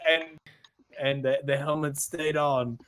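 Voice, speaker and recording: Rambling Australian podcast host. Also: male voice, a little high, steady tone, takes it slowly, a bit bright, smooth. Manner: rambling, many restarts and fillers. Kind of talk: casual gaming podcast chat.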